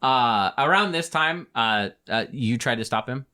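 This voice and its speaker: A man's voice: medium pitch, animated, a little slow, sharp tone. A man narrating a tabletop game as game master, loose and full of filler words.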